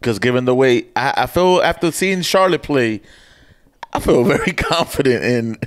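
A New man co-hosting a soccer podcast who rambles, stops and restarts as he hunts for the right image. His pitch is mid-range and swings freely. He talks in loose, casual chat. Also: animated, normal speed, clean tone. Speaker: podcast co-host.

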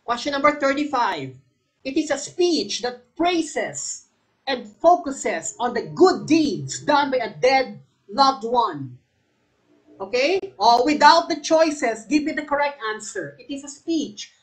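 High slow-talking Filipino woman teacher. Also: sing-song, low-quality recording. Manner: quizzing, repeats questions, calls on viewers by name; switches between English and Tagalog. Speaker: exam review teacher. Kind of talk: live online exam coaching.

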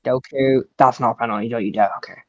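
A man's voice: mid-range voice, steady tone, fast, darkish tone, dry recording, highs cut off. A young man playing an online football game against his friend, teasing him in a dry, sarcastic way. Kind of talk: casual gaming banter.

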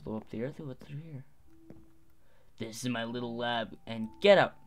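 A man's voice: medium pitch, fairly even intonation, moderate pace, slight background noise. A teenage boy giving gameplay commentary, rambling, muttering to himself and correcting his words. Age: teens. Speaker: gaming video host.

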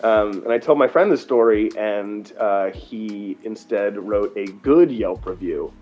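A man's voice: on the low side, measured pace, faint music behind. A young man, a guest on a talk show, telling stories in a rambling, casual way with lots of fillers. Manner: rambling, filler-heavy, animated retelling. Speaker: interview guest, folk singer. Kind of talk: casual storytelling.

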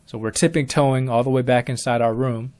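A man's voice: mid-range voice, steady tone, a little fast, darkish tone. A young man telling his own story in a plain, casual way, with ums along the way. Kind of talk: first-person spoken story.

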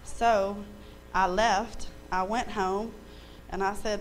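A woman's voice: mid-range voice, fairly even intonation, takes it slowly, low-quality recording. A woman giving a spontaneous testimony at a church service, candid and chatty, laughing often and swearing mildly.

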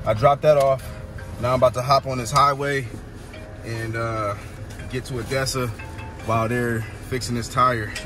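A man telling a story to camera in a casual vlog, animated and exasperated, full of slang. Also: mid-range voice, moderate pace, pauses often, music in the background. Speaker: used car dealer vlogger.

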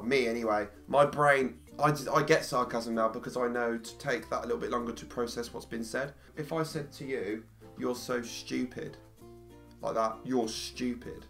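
A man's voice: medium pitch, fairly bright tone. A man explaining things casually in a vlog, chatty, with jumpy emphasis and frequent restarts. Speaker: vlogger.

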